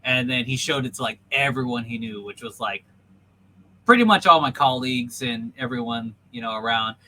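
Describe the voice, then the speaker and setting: A podcast host tells a story over a video call in a rambling, casual way packed with ums and likes. His medium-pitched voice moves at a moderate pace and sounds pushed and bright, on a rough recording with slight background noise.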